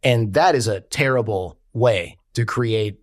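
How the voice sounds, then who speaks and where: A man, a podcast guest telling stories in an animated way and quoting people in character. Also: fairly low pitch, unhurried, no room sound, clean studio sound. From United States. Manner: animated storyteller, quotes others in character. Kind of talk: conversational interview.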